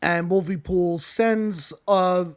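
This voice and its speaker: High-voiced giggly podcast guy. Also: slow pace. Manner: rambling, giggly, laughs often mid-sentence. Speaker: podcast co-host. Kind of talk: casual comic-book recap chat.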